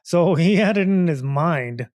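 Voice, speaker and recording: A man's voice: a little high, animated, measured pace, a little mellow, no room sound. A man in his forties co-hosting a comedy podcast, telling a rambling story and leaning on "you know what I mean". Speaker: podcast co-host.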